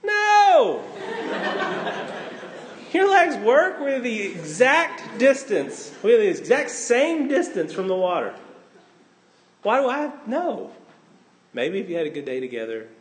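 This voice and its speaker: A male pastor preaching a sermon, swinging between loud exclamations and hushed asides. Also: sits high, sing-song, unhurried.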